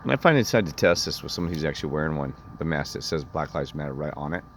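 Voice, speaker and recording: Very low-voiced man telling an indignant story. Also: expressive, rapid-fire, a little hiss or hum. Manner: indignant, meandering storytelling with many restarts. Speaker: vlogger. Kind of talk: rambling personal anecdote.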